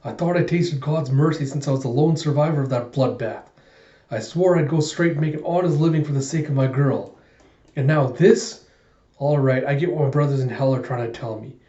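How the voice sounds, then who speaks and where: A man's voice: mid-range voice, fairly quick, mellow, reverberant, lo-fi sound, lightly acted. A man voicing a brooding male hitman disguised as a waiter in a manga reading. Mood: grim.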